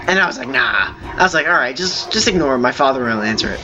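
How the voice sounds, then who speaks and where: A man hosting a gaming video, telling a long story in a halting, rambling way with many fillers while he plays. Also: medium pitch, lively intonation, dull audio, over music. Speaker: gaming channel host. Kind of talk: telling a story over gameplay.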